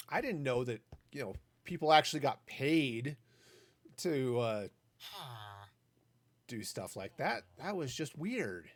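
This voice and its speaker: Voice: medium pitch, big pitch swings, measured pace. A gaming streamer in their forties chatting casually while playing, rambling into asides and silly puns.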